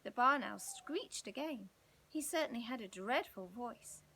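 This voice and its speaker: A woman reads a children's story aloud, her voice high and bright. She tells it with lively, swooping pitch and a gently dramatic touch. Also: measured pace, a little hiss or hum, rough recording. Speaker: storybook reader.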